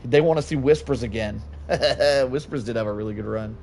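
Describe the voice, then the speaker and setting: A man hosting a live game stream and chatting with his viewers in a loud, excitable, joking way, swearing freely. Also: medium pitch, moderate pace, gravelly, slight background noise. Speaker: livestream host. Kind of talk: casual live gameplay commentary.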